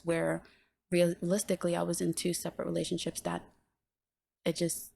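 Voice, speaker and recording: Woman guest with a low, gravelly voice, animated storyteller who acts out dialogue. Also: normal speed, slight background noise. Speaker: podcast guest. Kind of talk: casual storytelling.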